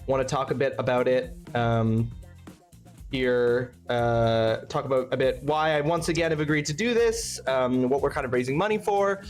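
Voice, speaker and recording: A man's voice: mid-range voice, normal speed, faint music behind. A man hosting a casual charity stream, rambling and thanking his chat by name, snacking between words. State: eating while talking.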